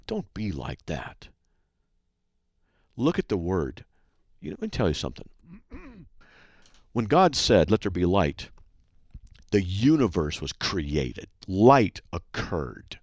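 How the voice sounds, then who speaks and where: A man's voice: low voice, dry recording. A man hosting a call-in radio show, teaching scripture in an emphatic, conversational preaching manner.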